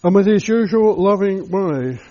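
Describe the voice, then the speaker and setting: A man leading a guided scripture meditation, speaking directly to the listener in a slow, reflective way, in a dull lo-fi recording. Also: sits high, lively intonation.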